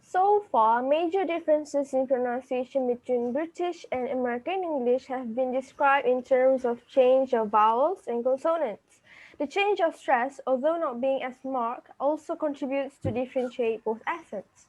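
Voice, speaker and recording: A woman with a high voice explains pronunciation rules clearly. The sound is dry and close. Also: moderate pace, a little mellow, no echo, poor audio. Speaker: student presenter. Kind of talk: reading a phonetics presentation.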